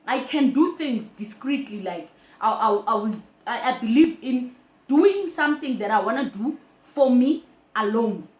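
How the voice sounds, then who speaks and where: A woman telling her own story in a lively way, laughing often. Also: a little high, measured pace, highs cut off. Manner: animated, laughing, mixes languages. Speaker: storyteller sharing her life journey. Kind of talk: personal storytelling vlog. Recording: roomy echo.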